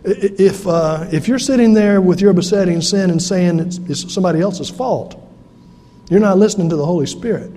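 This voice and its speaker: A man's voice: high-pitched, fairly quick, mellow, big-room sound. A pastor from South Carolina, preaching an earnest, conversational sermon to his congregation in a church. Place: church sanctuary.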